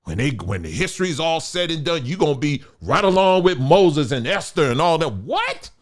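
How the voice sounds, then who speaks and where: This show host speaks a little fast with a fairly high, animated voice. His monologue is emphatic and preachy, full of repeated phrases, and he refers to his listeners as family.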